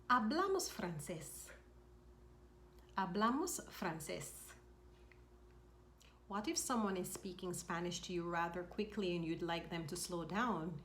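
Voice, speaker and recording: A woman teaching a spoken lesson, repeating each phrase slowly and clearly. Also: medium pitch, sharp tone, a little hiss or hum. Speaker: language teacher. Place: home in Mexico.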